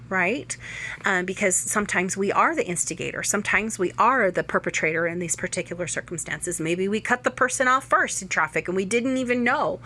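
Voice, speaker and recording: A woman guides listeners through a spiritual lesson on forgiveness. She speaks gently and earnestly in a mid-range voice, with the odd "um" as she explains. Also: medium pitch. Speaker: forgiveness course teacher.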